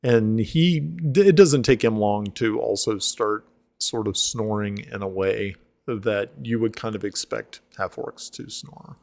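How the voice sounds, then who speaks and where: A man's voice: on the low side, measured pace, gravelly, a little mellow, no room sound. A man narrating as game master of a tabletop game, hesitant, with many fillers.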